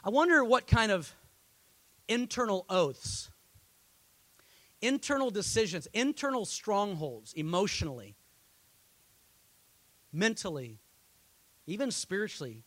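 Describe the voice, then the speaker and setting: A man preaching a sermon as pastor, telling a story that swells into loud, impassioned peaks. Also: high-pitched, no room sound.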